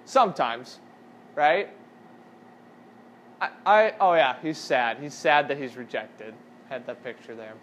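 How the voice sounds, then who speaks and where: A man's voice: medium pitch, takes it slowly, long pauses, fairly bright tone, slight background noise. A man as youth pastor, giving a casual sermon and asking the audience questions.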